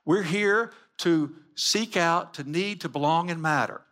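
A man's voice: fairly high pitch, a little slow, a bit bright. A man giving a sermon-style teaching with slides, emphatic and full of repeated rhetorical questions. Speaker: Christian teacher.

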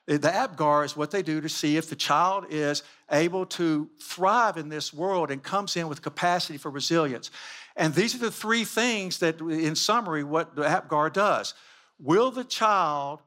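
A man's voice: fairly high pitch, a bit bright. A man giving a sermon-style teaching with slides, emphatic and full of repeated rhetorical questions. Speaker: Christian teacher.

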